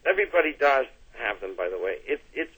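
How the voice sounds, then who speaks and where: A middle-aged Canadian man chats as an interview guest, his medium-pitched voice swinging widely as he talks quickly, a bit bright with a breathy edge. He's a chatty storyteller who laughs easily, full of restarts and fillers, and the recording quality is low.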